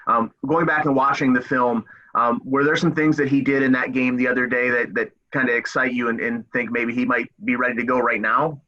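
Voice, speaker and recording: A man, a reporter, asking a quick question with filler ums at a press conference, heard from a distance. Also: medium pitch, flat delivery, bright, forceful tone, highs cut off.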